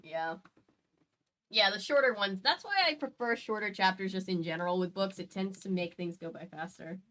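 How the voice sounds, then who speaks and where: A woman podcast host chatting casually and reading a story aloud in an animated way, with quick asides. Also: medium pitch.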